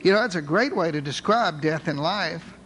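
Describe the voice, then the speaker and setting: A man voicing an eager, curious male newspaper reporter who talks in a folksy, excited way, wondering aloud. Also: on the high side, moderate pace, slight background noise.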